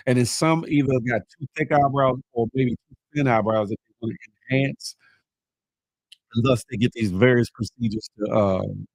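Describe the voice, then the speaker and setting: A man hosting a casual live morning show, chatting with viewers, laughing often and animated as he reads their comments. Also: on the low side, dry recording, poor audio. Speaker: livestream morning show host.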